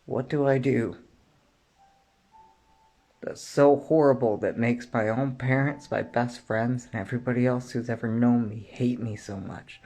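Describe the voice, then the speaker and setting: A man delivering an angry, profane rant straight to the listener, often clearing his throat and rising to shouts. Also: medium pitch, fairly even intonation, a little slow. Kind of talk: angry direct-to-camera rant.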